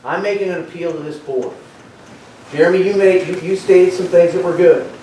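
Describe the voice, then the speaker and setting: Fired-up guy with a pretty high voice chewing out a county board, keeps tripping over his words, sounds far off in an echoey hall. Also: normal speed, mellow, slight background noise. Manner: impassioned, confrontational, stumbles and repeats words. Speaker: public commenter at a county board meeting. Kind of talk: heated public comment. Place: county board meeting room.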